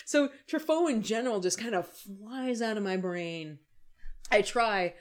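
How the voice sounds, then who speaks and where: A woman in her thirties with a mid-range voice joins a relaxed podcast chat over wine. She is playful and quick with a joke, and keeps the banter light. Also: medium pitch. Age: 30s. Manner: playful, quick to laugh, jokey. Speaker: podcast co-host.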